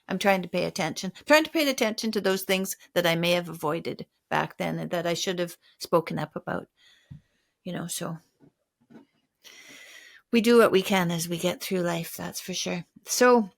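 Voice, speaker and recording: A woman's voice: fairly low pitch, normal speed, gravelly. An older woman hosting a podcast interview, reflective and sharing personal stories. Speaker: podcast host. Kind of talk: conversational interview.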